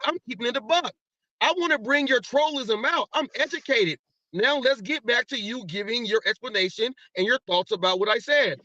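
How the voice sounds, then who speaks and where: High, bright-voiced combative American man. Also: expressive, normal speed, dry recording. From United States. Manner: combative, repeats himself, taunts with "mate". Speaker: podcast host. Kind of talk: heated live podcast argument. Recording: dull lo-fi stream audio.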